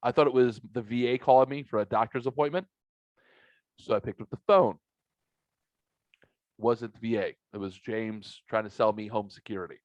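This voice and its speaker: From a home man cave, a man hosts a podcast of casual storytelling chat, profane and animated and laughing at his own stories. He talks at a normal speed with a medium pitch and long pauses, on a dry, slightly muffled recording.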